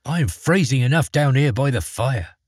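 A man reading aloud as an earnest, fearless young lad, his husky voice rising and falling with lively intonation. The sound is close and dry, with no room around it. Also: mid-range voice, moderate pace, no room sound, close to an everyday voice. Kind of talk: storybook reading.

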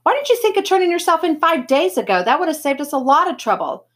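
A woman's voice: high voice, sing-song, fast talker, voice pushed up. A woman voicing a tough, cocky teenage boy in a gang, blunt and slangy, in a storybook reading. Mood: snapping.

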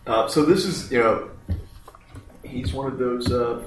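A man hosts a casual sports chat, and he talks slowly in a flat, monotone way. He sits back from the mic, so his voice sounds distant. The room adds an echoey ring. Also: mid-range voice, slight background noise. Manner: slow, monotone delivery. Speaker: podcast host. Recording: roomy echo, mic at a distance.

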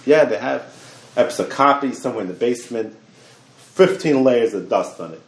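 A man teaching a Torah class in an animated way, repeating words and talking in quick bursts. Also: medium pitch. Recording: echoey room.

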